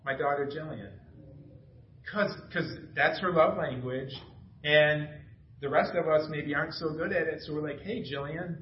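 A man's voice: on the high side, fairly even intonation, normal speed, slight background noise. A middle-aged man preaching a casual, enthusiastic sermon, telling family stories with laughter. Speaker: pastor. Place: church sanctuary. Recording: echoey dull church recording.

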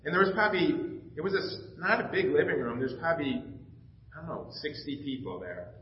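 A man's voice: a little high, lively intonation, a little fast. A middle-aged man preaches from the pulpit and shares a personal story, quoting the other people in it as he goes. His voice rings through a reverberant church sanctuary. The recording is slightly dull, with faint background noise. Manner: storytelling, acting out dialogue, emotional. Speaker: pastor. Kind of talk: personal testimony in a sermon.

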